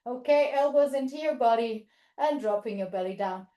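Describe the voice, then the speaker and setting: A woman's voice: fairly high pitch, normal speed, warm tone. Cheerful woman leading yoga, echoey studio. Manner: encouraging cueing with playful animal sounds. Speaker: yoga teacher trainer. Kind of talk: instructional yoga demonstration.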